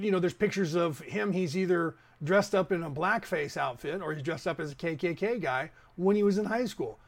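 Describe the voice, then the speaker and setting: Man, 50s, raised in the Bay Area; podcast host, loose rambling monologue, slightly raised pitch. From San Francisco Bay Area. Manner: rambling, talks straight to listeners with asides. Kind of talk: casual opinion monologue.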